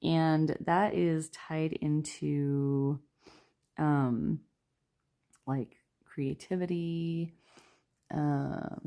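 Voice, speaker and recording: A woman giving a casual, rambling tarot reading, talking quietly with lots of fillers. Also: low voice, vocal fry. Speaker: tarot reader.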